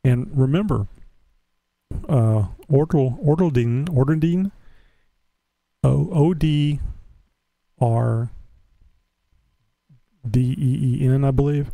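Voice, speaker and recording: A man's voice: mid-range voice, takes it slowly, creaky, pauses often, dark tone, dry recording. A man hosting a casual live internet show, rambling and restarting his words often. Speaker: host. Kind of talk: casual livestream chat.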